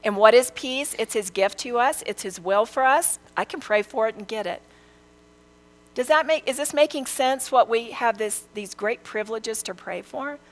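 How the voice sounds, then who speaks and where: A woman's voice: fairly high pitch, normal speed, low-quality recording. A middle-aged woman, teaching a sermon with earnest storytelling. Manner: earnest, storytelling, lively quoted prayers. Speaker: Bible teacher.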